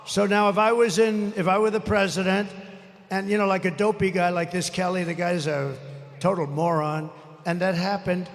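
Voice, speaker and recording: A man's voice: sits high, little pitch movement, brisk. A man in his seventies gives a rambling, off-the-cuff rally speech into a stage microphone, boasting and grumbling with occasional swearing. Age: 70s. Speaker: political rally speaker. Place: large rally venue. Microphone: stage microphone over PA. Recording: reverberant rally venue with faint ambience.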